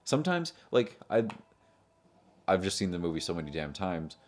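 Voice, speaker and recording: A young man with a very low voice co-hosts a loose movie chat. He rambles, restarts his sentences and jokes around as he goes. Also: big pitch swings, normal speed. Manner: rambling, lots of fillers and restarts, jokey. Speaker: podcast co-host.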